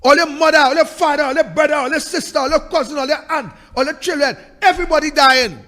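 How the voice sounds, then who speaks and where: In a large hall, a man with a Trinidadian accent rants through a political commentary show in a very high, bright, forceful voice at a quick pace. The monologue is impassioned, fiery, and repetitive, sometimes lilting into sing-song.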